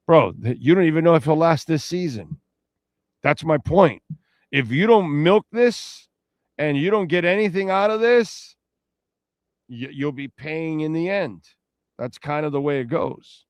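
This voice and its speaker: A man's voice: fairly high pitch, animated, moderate pace, darkish tone, no room sound. Middle-aged male sports radio host, casual rambling delivery, dry close-miked sound. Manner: rambling, conversational, reacting to chat.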